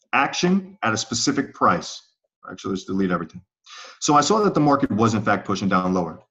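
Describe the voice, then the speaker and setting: Over slightly muffled online call audio, a trading instructor runs a live webinar on price-action trading, speaking conversationally and frequently checking in with viewers. His voice is mid-range with a fairly bright tone.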